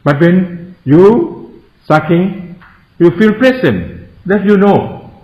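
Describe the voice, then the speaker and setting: A Buddhist monk from Thailand with a Thai accent, giving a Dhamma talk in simple broken English and often asking the listeners if they follow. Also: male voice, high-pitched, sing-song, takes it slowly. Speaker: Buddhist monk teaching meditators. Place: meditation centre hall. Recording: echoey, dull lo-fi room recording.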